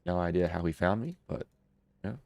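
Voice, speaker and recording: A man's voice: deep voice, fairly quick, gravelly, a little mellow, no room sound. A young man hosting a racing stream while sick, his voice nasal and congested, talking in a casual, rambling way. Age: young adult. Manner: casual, rambling wrap-up talk. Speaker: broadcast host. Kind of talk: casual live-stream commentary.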